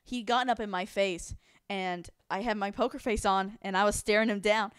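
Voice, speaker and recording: A woman's voice: medium pitch, steady tone, normal speed, clean tone, dry recording, studio quality. A young woman co-hosting a casual podcast, laughing often and jumping in to add to the story. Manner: giggly, laughs often, jumps in to finish stories. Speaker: podcast co-host.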